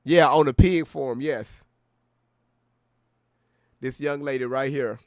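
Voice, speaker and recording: A man hosts a reaction video in a laid-back, rambling way. His voice is gravelly, sits fairly high, and moves slowly. The sound is dry and close to the mic. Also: no echo. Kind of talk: casual reaction commentary.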